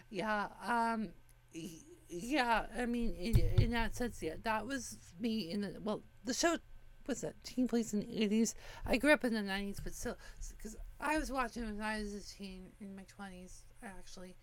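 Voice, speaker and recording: A woman in her forties hosting a talk show in casual chat, rambling with many fillers and restarts. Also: mid-range voice. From United States. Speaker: podcast host.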